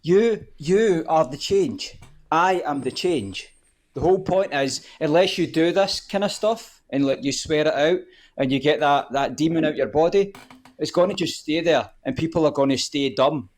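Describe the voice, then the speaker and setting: A man's voice: a little high, normal speed. A man, a guest on a live podcast, ranting heatedly and swearing often. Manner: fired up, swearing often, repeats "the whole point is".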